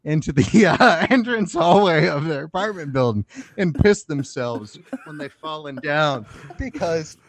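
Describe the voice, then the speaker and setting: With a slightly high voice, lively intonation, and an unhurried pace, a young Oklahoma comedian guesting on a podcast laughs his way through crude stories at his own expense. There's no room sound.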